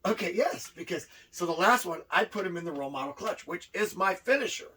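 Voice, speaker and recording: A man co-hosting a podcast, telling stories in a lively, animated way with frequent restarts. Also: high-pitched, brisk, breathy edge, far from the mic, rough recording. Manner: animated, repeats and restarts words as he tells stories. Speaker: podcast co-host, wrestler. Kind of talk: casual storytelling chat.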